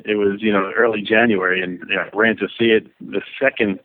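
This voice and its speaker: A man in his fifties from New York speaks with a low voice in a friendly, unhurried storytelling way. He is heard over a thin, tinny phone line as a guest on a call-in interview. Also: steady tone, slight background noise. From New York, USA. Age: 50s. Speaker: author and guest.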